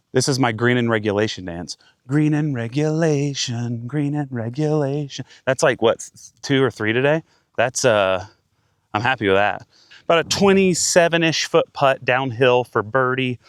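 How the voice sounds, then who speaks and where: A man in his thirties giving casual play-by-play of his own golf round outdoors, getting excited and talking to himself between shots. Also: on the low side, no room sound, clean studio sound. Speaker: golf vlogger.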